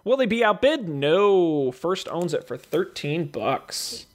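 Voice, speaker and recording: A man's voice: sits high, sing-song, takes it slowly. A man hosting a casual show, reading out movie blurbs and calling bids like a jokey auctioneer. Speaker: host running a movie draft auction. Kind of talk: casual podcast chat.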